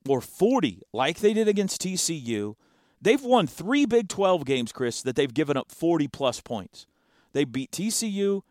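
Man co-hosting sports talk, lively pitch, playful, dry close mic. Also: dry recording. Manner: animated, playful, mimics sounds for effect. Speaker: sports talk show co-host. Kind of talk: casual sports chat.

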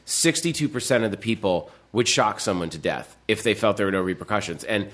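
A man's voice: on the low side, a little fast. A man chatting casually, telling a story animatedly and acting out the people in it. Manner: animated storytelling with acted-out quotes. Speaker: podcast guest. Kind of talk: casual chat.

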